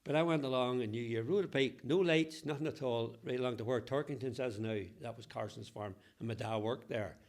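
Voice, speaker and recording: A man in his eighties from Ballywalter, Northern Ireland, reminisces about his childhood as a local historian being interviewed. His medium-pitched, darkish voice moves a little fast with few pauses, and he chuckles often while telling local stories in a Northern Irish accent and broad local dialect.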